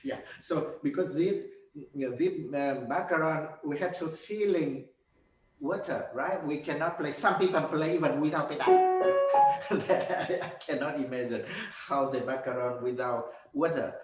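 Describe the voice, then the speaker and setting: Piano teacher coaching, halting speech. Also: male voice, fairly high pitch, muffled recording. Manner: halting, simple phrasing with many fillers, sings phrases. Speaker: piano teacher giving a master class. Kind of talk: master class coaching. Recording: roomy, from far off, with piano.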